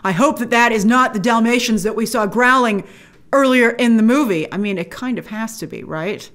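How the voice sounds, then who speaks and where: A woman's voice: fairly high pitch, normal speed, fairly bright tone. A woman hosting a film trailer breakdown, talking in a chatty, enthusiastic way with frequent fillers and restarts. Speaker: film trailer reviewer host. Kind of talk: casual trailer reaction commentary.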